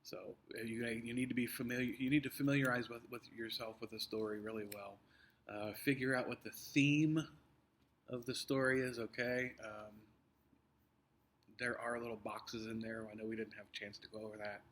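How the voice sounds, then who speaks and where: A man teacher explains an upcoming test to his students, patient and halting. His voice sits at an ordinary middle pitch, and he often restarts his sentences and fills pauses with "um" and "uh". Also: fairly even intonation, a bit bright, slight background noise. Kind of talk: recorded test review for students.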